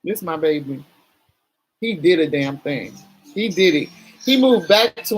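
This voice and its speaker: A woman's voice: deep voice, animated, unhurried, pauses often, a little hiss or hum, rough recording. A middle-aged woman talking candidly to her camera in a chatty, emotional vlog, swearing casually as she goes. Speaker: vlogger.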